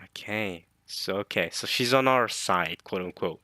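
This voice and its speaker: A man casually reading a manga chapter aloud and reacting to it, excited and thinking out loud. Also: lowish voice, no echo, clean studio sound. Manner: excited, thinks aloud, reads lines in quick put-on voices.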